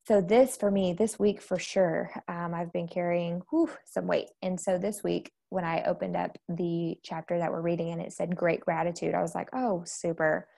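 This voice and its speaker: A woman's voice: lowish voice, level tone, normal speed, gravelly, few pauses, mellow. A woman hosting a live faith book study, talking candidly and chattily to her viewers, recorded on a phone or webcam. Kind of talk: casual spoken book discussion. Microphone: phone or webcam on a social live stream.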